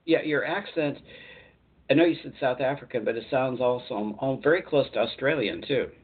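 Husky man hosting a call-in show. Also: mid-range voice, brisk. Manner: rambling, chatty, laughs easily. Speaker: radio show host and channeler. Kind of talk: call-in radio chat. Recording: tinny phone-line sound.

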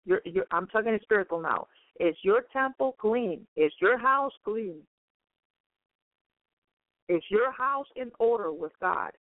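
A woman giving an earnest preaching testimony, halting and repeating her words often. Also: mid-range voice, lively intonation, no room sound. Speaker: guest speaker. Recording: tinny phone-like line.

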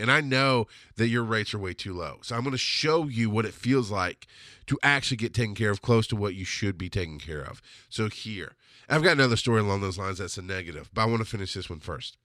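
Bright, dry-voiced animated male podcaster. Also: no echo. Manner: animated, jumps up in pitch for emphasis and quoted speech. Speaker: podcast host. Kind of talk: casual storytelling monologue.

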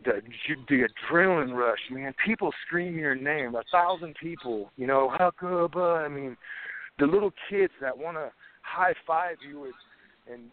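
A man's voice: fairly high pitch, moderate pace. A man in his forties, a fighter, telling his story casually in an interview, rambling and chuckling, with fillers like "man" and "you know". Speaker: guest, professional fighter. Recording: phone-line audio, tinny.

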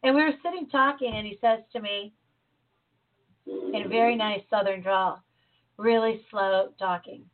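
A woman from Chicago talking in an animated, casual way and quick to jump in. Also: medium pitch, noisy background. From Chicago, USA. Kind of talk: casual conversation. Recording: tinny phone-like line.

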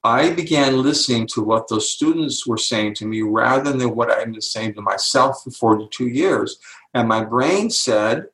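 In an echoey room, an older guest author speaks at normal speed with a mid-range voice, laying out ideas for an interviewer. His manner is animated and emphatic, and he performs the voices of his stories' characters.

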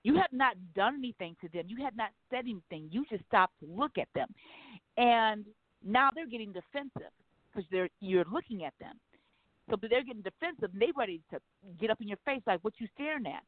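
A woman hosting a casual talk radio show, speaking frankly and profanely with animated storytelling. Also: a little high, fairly quick, no room sound. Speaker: host. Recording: dry phone-like line.

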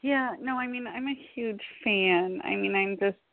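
A woman guest calling in to a radio show, responding with enthusiastic agreement and quick short replies. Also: mid-range voice, vocal fry, a crowd in the background. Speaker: author and guest caller. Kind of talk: phone-in radio interview. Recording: dry, tinny phone line.

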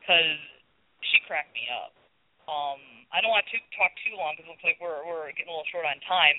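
A woman's voice: a little fast, no echo. Chatty woman co-host on a tinny line. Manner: chatty, animated, jumping pitch. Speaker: podcast co-host. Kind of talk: casual chat. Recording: tinny dry phone-like line.

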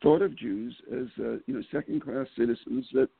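A man's deeply gravelly, husky voice comes through a thin, phone-like line. He talks casually as an interview guest. He tells stories animatedly, stumbles into restarts and laughs often. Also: lively intonation, a little fast, dry recording. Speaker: political candidate guest. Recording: phone-like call audio.

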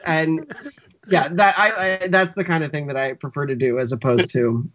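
In dull lo-fi audio, a man who works as a writer and actor shares casual anecdotes during a podcast interview, rambling with many fillers and restarts. His fairly high voice is steady in tone, a bit bright, and moderately paced.

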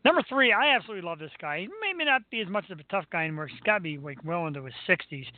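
Male co-host from Philadelphia, laid-back, high-pitched, dry thin phone-quality audio. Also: very fast, no echo. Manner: relaxed, lots of "uh" and "um" fillers. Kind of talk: casual chat. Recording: tinny phone-like line, dry.

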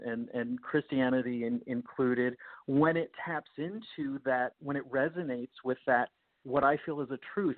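A man, a musician guest in an interview, talking casually with animated, laughing storytelling. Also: mid-range voice. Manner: animated, laughing, self-correcting. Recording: tinny phone-like line.

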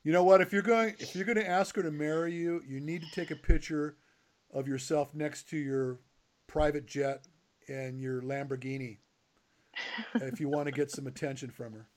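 A man's voice: fairly high pitch, steady tone, normal speed. Joking older man hosting a podcast. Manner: joking, teasing. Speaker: podcast host. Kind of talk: casual chat.

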